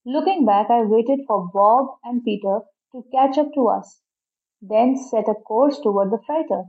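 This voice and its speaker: A woman narrating a detective storybook in a lively, dramatic manner, on a dull lo-fi recording. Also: a little high, unhurried. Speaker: story reader.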